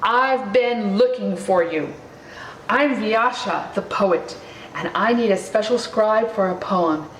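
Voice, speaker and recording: A woman doing a slow, soft-spoken old poet. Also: medium pitch, expressive, a little hiss or hum. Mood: gentle. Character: gentle old male poet sage. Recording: roomy, distant mic, faint ambience.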